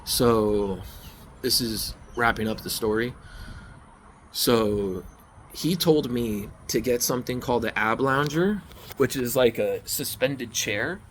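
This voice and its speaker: A man's voice: medium pitch, slow, slight background noise. A man casually telling his own story outdoors, rambling and repeating key phrases over and over. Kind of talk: casual first-person storytelling.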